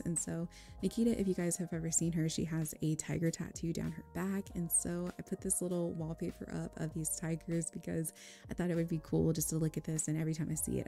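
A woman's voice: fairly low pitch, dark tone. A woman host narrating her life-simulation game story in a chatty, enthusiastic way, giving a tour of a modeling agency. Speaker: Sims gameplay narrator.

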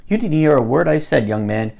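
A man's voice: a little high, big pitch swings, a little fast, creaky, a little mellow, full character voice. A man doing a weary scolding teacher. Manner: scolding, tired. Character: weary strict woman schoolteacher.

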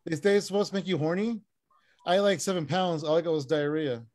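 Guy with a pretty high voice doing deadpan standup jokes on a video call, lots of uh's. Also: a little fast. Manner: deadpan one-liners with frequent uh fillers. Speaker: stand-up comic.

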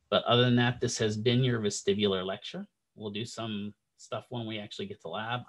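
Casual lower-voiced male lecturer. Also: a bit bright, poor audio. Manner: casual, conversational, frequent "right?" check-ins. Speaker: instructor. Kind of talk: recorded classroom lecture. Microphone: computer microphone.

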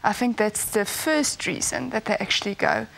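A woman's voice: mid-range voice, lively intonation, normal speed, vocal fry, a bit bright. A woman speaking as a sexologist guest on a talk show panel, giving plain, hesitant answers. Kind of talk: panel discussion.

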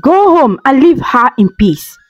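A woman's voice: a little high, big pitch swings, moderate pace, darkish tone, no echo, dull audio, faint music behind. A woman voicing a kind village woman with a strong, fierce voice who protects a child. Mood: commanding. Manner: strong, firm, then kind.

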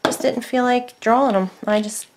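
A woman's voice: on the high side, steady tone, moderate pace, noisy background. A woman showing her craft work in a casual chat, rambling with many fillers and self-corrections at her desk at home. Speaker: craft vlogger. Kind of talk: casual show-and-tell chat.

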